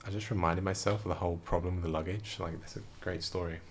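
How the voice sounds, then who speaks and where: A tired young man, quietly rambling through a casual story late at night in a vlog. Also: low-pitched, fairly even intonation, fast, a little hiss or hum. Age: young adult. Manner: hushed, quiet, rambling talk. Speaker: vlogger. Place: room indoors at night.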